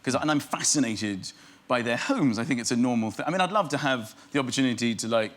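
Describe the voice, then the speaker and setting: Appearing as a guest on a chat show, a middle-aged comedian tells stories and acts out small scenes in silly voices. He's animated and talks fast in a medium-pitched voice. The recording comes from a TV studio, with a live audience making loud laughter and noise.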